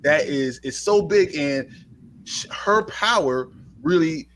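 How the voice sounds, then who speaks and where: A man's voice: on the high side, lively intonation, takes it slowly, a bit bright, a little hiss or hum. A man co-hosting a live movie review show, gushing enthusiastically about a film in casual chat.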